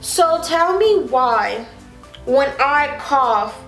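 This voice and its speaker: A woman's voice: sits high, drawn-out words. Sassy young woman telling a storytime. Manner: animated, exasperated, sassy. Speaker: vlogger. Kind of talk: casual storytime. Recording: roomy echo, faint music behind.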